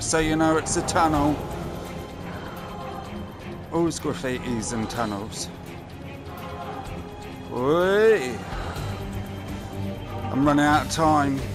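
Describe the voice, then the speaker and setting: A man giving casual, sweary commentary while playing a game and muttering to himself. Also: on the high side. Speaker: gameplay commentator. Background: game music.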